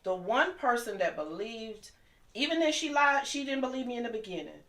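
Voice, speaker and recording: A woman's voice: fairly high pitch, very animated, fairly bright tone. Middle-aged woman, aave, heated and emotional, voice bouncing round an echoey room. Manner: impassioned, talks fast and heated. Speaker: guest. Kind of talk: emotional personal storytelling.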